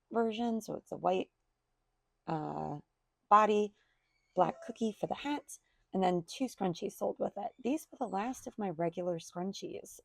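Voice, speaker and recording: A woman's voice: on the low side, gravelly, darkish tone, dry recording. A woman crochet maker chatting through a casual market recap vlog in a rambling, self-deprecating way. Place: at home by her computer.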